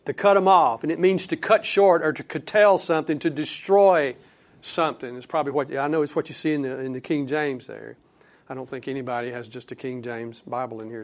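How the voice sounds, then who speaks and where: A man preaching a sermon, who slows down and lifts his voice to read scripture and drops quiet for asides to the congregation. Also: mid-range voice.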